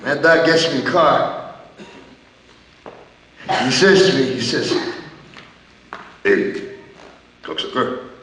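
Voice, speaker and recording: A man's voice: mid-range voice, animated, takes it slowly, pauses often, bright, forceful tone, a little hiss or hum. A man acting out a one-man stage show, telling brash, profane stories about his wrestling days in a theater. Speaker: stage performer. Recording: echoey hall from far off.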